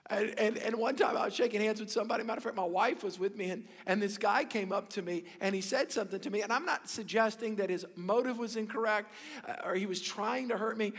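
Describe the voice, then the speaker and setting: A man, the pastor, preaching a sermon with passion, swinging between loud emphasis and hushed asides. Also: high-pitched, long reverb tail.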